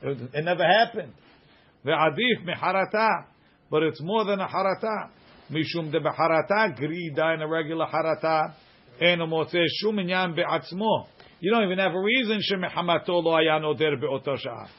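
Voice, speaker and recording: A man teaching a Talmud class, reading passages aloud and quickly explaining them in English with everyday examples. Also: on the high side, dull audio.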